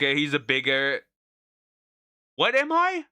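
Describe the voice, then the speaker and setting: Bright, lively-voiced male streamer. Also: fairly high pitch, measured pace, no echo, clean studio sound. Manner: exasperated, swearing, bursts into laughs and shouts. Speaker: streamer reacting to clips. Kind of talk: casual reaction commentary.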